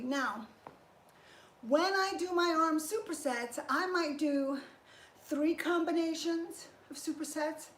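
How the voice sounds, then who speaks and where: A woman with a high voice takes her time speaking as she leads a live workout. She's a chatty, encouraging fitness trainer exercising in an indoor space. The sound is echoey with faint noise underneath.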